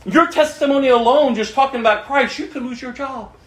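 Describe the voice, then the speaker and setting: A male pastor preaching a sermon in an animated way, laughing and acting out quotes in shifting voices. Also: very high voice, a little fast, roomy sound.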